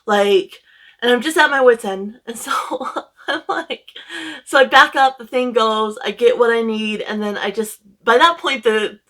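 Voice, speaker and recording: A woman's voice: a little high, normal speed, a bit bright. A young woman casually telling a long, emotional story to her camera at home, rambling with many fillers. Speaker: book vlogger.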